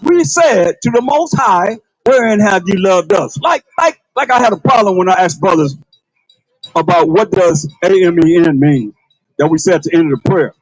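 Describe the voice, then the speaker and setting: Male priest, husky, fairly high voice, dry close sound, conversational sermon, repeats himself, rhetorical questions. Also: expressive, normal speed, no echo, poor audio. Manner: colloquial, calls on a reader to read. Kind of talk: livestreamed sermon.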